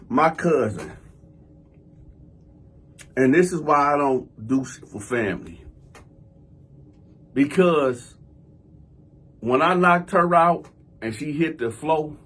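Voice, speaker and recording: Very husky, animated storyteller man. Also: mid-range voice. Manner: animated, conversational, acts out scenes with sound effects. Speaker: channel host telling a personal story. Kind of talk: storytime vlog.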